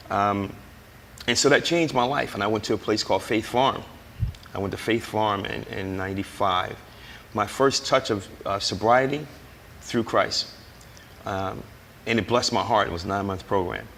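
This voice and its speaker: A man with a low, gravelly voice tells his own story of recovery as a guest. He speaks with a preacher's emphasis and brings his quoted conversations to life. A faint hiss sits behind him. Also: normal speed, fairly bright tone, big-room sound. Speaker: guest sharing a recovery testimony. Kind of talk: personal testimony in conversation.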